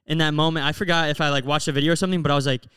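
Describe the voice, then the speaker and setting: A man's voice: fairly high pitch, steady tone, racing, pushed and bright, clean tone, no room sound. A young man from Florida co-hosting a podcast, telling stories in an open, earnest way with lots of "like". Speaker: podcast co-host. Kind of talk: casual chat.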